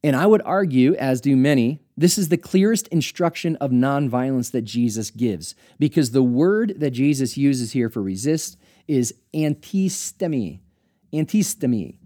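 Male teacher-pastor, mellow low-brightness voice, earnest and explanatory, uses rhetorical questions. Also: animated, measured pace. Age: adult, studied at seminary. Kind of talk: teaching talk on scripture.

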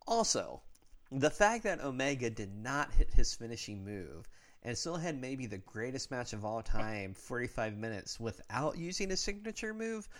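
A man's voice: medium pitch, big pitch swings, moderate pace. A man co-hosting a podcast, in casual chat, explaining things at length in an analytical way. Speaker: podcast co-host.

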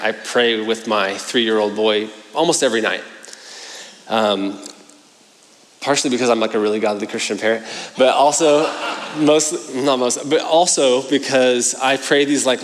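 Guy in his 30s preaching, casual rambly storyteller, mid-pitched voice, long echo off the hall. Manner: chatty, self-mocking storytelling with fillers. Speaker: pastor. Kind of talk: sermon. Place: church hall. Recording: long church hall reverb.

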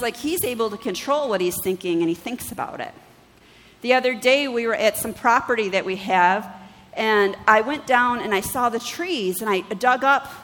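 A woman pastor preaching a sermon, telling stories with lively acted-out dialogue and asking the congregation questions. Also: fairly high pitch, big-room sound, poor audio. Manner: animated storytelling, acts out her own dialogue with God. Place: church.

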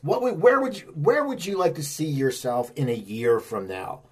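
A man's voice: on the high side, animated, moderate pace, husky. A man interviewing a musician, asking chatty, eager questions.

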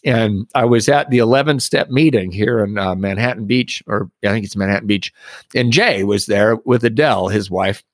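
A middle-aged man, a podcast guest, earnestly telling a personal recovery story with reflective pauses and soft laughs. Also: fairly low pitch, no room sound, studio quality.

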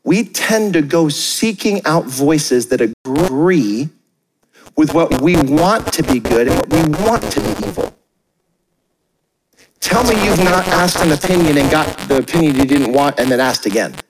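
Young male pastor with a high voice, sermon delivered in a lively, joking style, recorded in a long-reverb church hall. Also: noisy background. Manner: energetic, conversational, jokey with quick acted asides. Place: church auditorium.

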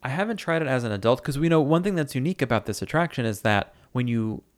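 A man's voice: mid-range voice, expressive, fast, dry recording. A man co-hosting a podcast, sharing theme-park trivia in an upbeat, casual chat. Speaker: podcast co-host.

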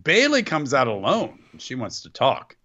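This man recaps wrestling in a loose, sarcastic podcast chat, his pitch swinging lively up and down. His tone is bright and forward. The audio sounds dull and lo-fi. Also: a little slow. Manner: sarcastic play-by-play recapping, quoting wrestlers in mock voices. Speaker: podcast co-host.

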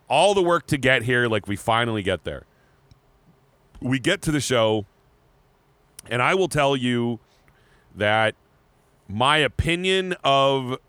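A man co-hosting a podcast, telling a story in casual chat, animated and laughing, often restarting his words. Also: medium pitch, no echo. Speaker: podcast co-host.

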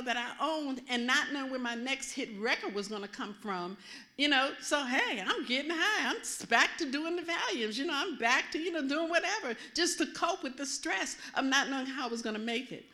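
An older woman minister preaching, telling a personal testimony in a lively, storytelling way with many asides. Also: sits high, moderate pace. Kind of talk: testimony sermon.

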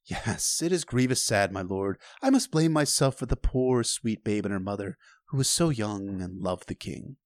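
A man voicing a scheming middle-aged court spymaster who talks slowly and unctuously in a book reading. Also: fairly low pitch, lively intonation, no room sound, studio quality, pitched below the performer's own voice, natural voice. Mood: mournful.

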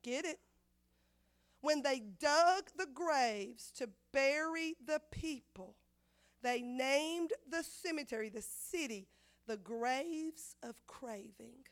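A woman preaching a sermon, repeating phrases and acting out the voices in her story, swinging from loud to hushed. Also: sits high, animated, slow. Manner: dramatic swings of loudness, acts out quotes, repeats phrases.

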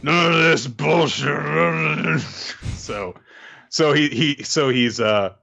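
A man's voice: a little high, extremely slow, gravelly, bright, forceful tone. A man co-hosting a casual chat recap, joking and laughing often as he acts out quotes. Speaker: podcast co-host.

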